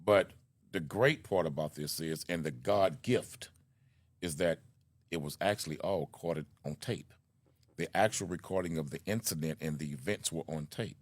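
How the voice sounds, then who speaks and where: A man's voice: rumbling low, moderate pace, no echo. A man interviewing a mother, firmly summarizing her account back to her and asking questions. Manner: firm, summarizing the story back. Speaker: activist interviewer.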